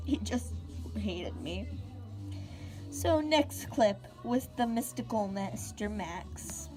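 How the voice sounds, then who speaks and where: A woman's voice: mid-range voice, lively intonation, takes it slowly, music in the background. A teenage girl telling a storytime vlog in a casual, giggly way, full of fillers and asides. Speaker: storyteller, vlogger.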